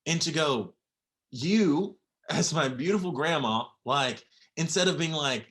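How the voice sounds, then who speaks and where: Young man, bright voice, halting delivery with many fillers, close to tears. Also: a little high, animated. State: near tears. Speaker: podcast guest. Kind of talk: emotional personal storytelling.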